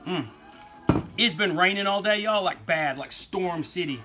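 A man's voice: high-pitched, unhurried, music in the background. A man with an East Texas accent, hosting a toy collecting vlog in a folksy, rambling way. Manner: rambling, folksy, says y'all, laughs easily. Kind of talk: casual rambling toy talk.

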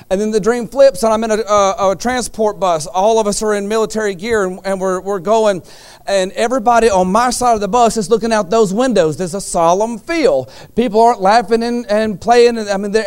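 A man preaches in a church with a high, smooth and resonant voice. He tells his story vividly, acting out other people's lines loudly and then dropping low and quiet to stress a point. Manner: storytelling, acts out quoted lines with sudden loud jumps. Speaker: pastor. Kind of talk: sermon. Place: church sanctuary.

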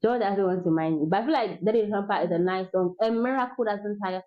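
A young woman chats casually to her viewers. She laughs often and now and then sings a line or two. Her voice sits at a middling pitch, and the recording sounds dull and lo-fi. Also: fast talker. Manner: chatty, laughs often, sings snatches of songs. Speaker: vlogger. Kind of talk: casual chat.

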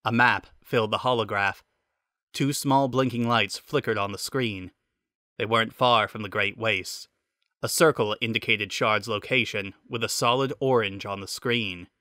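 Bright-voiced man narrating a story. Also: lowish voice, normal speed, dry recording, clean studio sound. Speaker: reader of fan fiction.

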